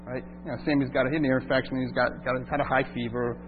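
A man's voice: medium pitch, little pitch movement, fast. A male pastor preaching a sermon, asking rhetorical questions of his congregation. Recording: tinny phone-like sound with hum.

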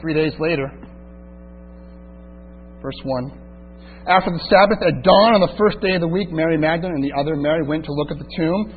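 A high-pitched man preaches with sweeping drama, dropping to near whispers and then rising to loud cries. The sound is thin and phone-like. A faint electrical hum runs underneath. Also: fairly quick, long pauses. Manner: dramatic, voices doubting listeners, swings from hushed to loud. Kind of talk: sermon. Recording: tinny phone-like recording with mains hum.

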